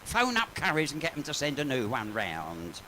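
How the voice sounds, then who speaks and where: A man's voice: medium pitch, wildly swooping pitch, normal speed, sharp tone, a little hiss or hum, poor audio. A man putting on a foul-mouthed elderly queen who grumbles bluntly, live in a pub. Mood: exasperated. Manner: blunt, swearing, put-upon grumble.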